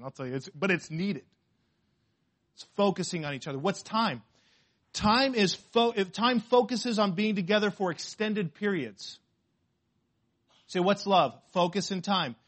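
A man with a notably high voice preaches to his congregation. He drives points home by repeating short phrases, throws questions at the room, and swings between loud emphatic bursts and hushed, confiding asides. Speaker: pastor. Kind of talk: sermon.

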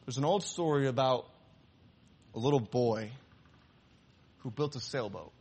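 A man preaching a sermon, telling a story and then turning it into an appeal to the congregation. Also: breathy edge. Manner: animated storyteller, voices the excited boy in a raised pitch; slows and softens for the closing appeal. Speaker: pastor.

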